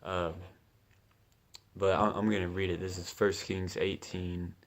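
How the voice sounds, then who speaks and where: A man's voice: low voice, flat delivery, a little slow, creaky. A man giving casual commentary as he reads scripture, laid-back and chatty, often laughing and saying "man.". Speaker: scripture teacher.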